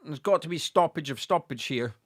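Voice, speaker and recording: A man doing live fan commentary on a match, sweary and excitable, talking straight to his viewers. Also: on the high side, a little fast, a little hiss or hum. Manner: sweary and excitable, shouting at goals.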